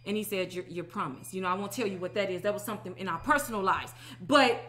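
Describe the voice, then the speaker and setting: A woman in her thirties giving an animated, emphatic personal testimony, often asking "okay?". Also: medium pitch, fast talker, a little hiss or hum. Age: 30s. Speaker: religious teacher.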